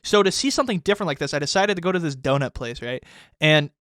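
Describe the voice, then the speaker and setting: A man's voice: fairly high pitch, animated, quick pace, a bit bright, dry recording, clean studio sound. A man in his twenties hosting a casual podcast chat, rambling and swearing heavily as he gets worked up. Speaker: podcast host.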